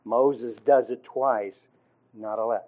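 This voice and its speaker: A male Bible teacher preaches in a loose, conversational way, stopping and restarting with plenty of fillers and frequent throat clearing. His voice sits in an ordinary middle pitch. The recording sounds muffled and lo-fi. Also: fairly even intonation. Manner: informal, halting, many fillers and restarts. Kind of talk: conversational sermon. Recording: dull lo-fi recording.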